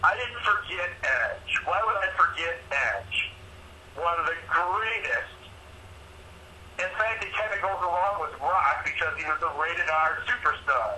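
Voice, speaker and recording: A man's voice: fairly high pitch, a little slow, pushed and bright, a little hiss or hum, poor audio. A man co-hosting a sports picks show in casual banter, joking and mock-indignant as he makes his picks.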